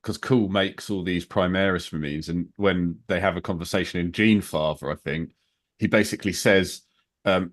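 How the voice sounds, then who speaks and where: A man with a lowish voice recaps game lore on a podcast. He speaks loosely and easily, with plenty of casual filler. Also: moderate pace. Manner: relaxed, loose paraphrasing. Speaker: podcast co-host.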